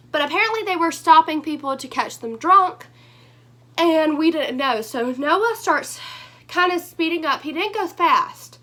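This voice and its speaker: A young woman telling a rambling storytime vlog, animated and full of fillers, her voice hoarse. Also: sits high. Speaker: vlogger.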